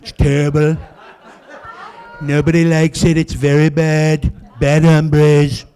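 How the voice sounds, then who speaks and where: A comedian doing a boastful politician impression. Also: male voice, fairly high pitch, completely flat delivery, slow pace, dark tone, smooth. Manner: repetitive, boastful superlatives.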